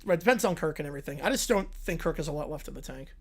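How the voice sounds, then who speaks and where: A man hosting a live stream who chats casually and quickly about sports, often hedging and restarting his sentences. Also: a little high, lively intonation. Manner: quick, hesitant sports talk. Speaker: streamer host.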